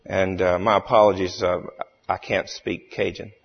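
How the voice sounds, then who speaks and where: A man chairing a church meeting, speaking haltingly with many fillers and restarts. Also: low voice, little pitch movement, vocal fry, a little hiss or hum. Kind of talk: formal meeting chairing with a joke. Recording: echoey hall, dull lo-fi sound.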